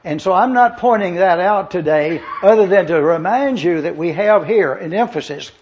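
An older man preaching a teaching sermon as pastor, slowly explaining words and spelling them out letter by letter. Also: sits high, animated, dull audio, slight background noise. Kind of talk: expository sermon.

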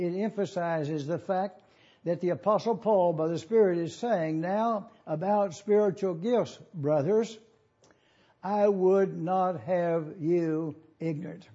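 High-voiced older pastor preaching. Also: male voice, mellow. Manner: deliberate, teacherly, pausing to spell out words. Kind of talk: expository sermon. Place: church auditorium. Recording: dull lo-fi sound.

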